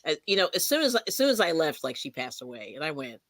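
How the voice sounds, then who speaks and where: A host in a casual chat, chatty and quick to laugh. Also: mid-range voice, big pitch swings, a bit bright, no room sound. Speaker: channel host. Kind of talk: casual video call chat.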